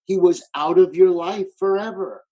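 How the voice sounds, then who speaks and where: A comedian guest talking remotely in casual chat, ranting emphatically. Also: male voice, high-pitched, normal speed, highs cut off. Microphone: remote call.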